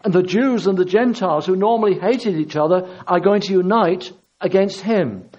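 A man's voice: high-pitched, normal speed, a little mellow. A man preaching a sermon with impassioned, repetitive emphasis. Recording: dull lo-fi recording.

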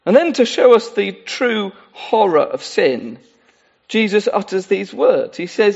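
Husky lively-voiced male preacher. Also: sits high, a little slow, highs cut off. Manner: earnest, pleading, with many asides. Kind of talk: sermon.

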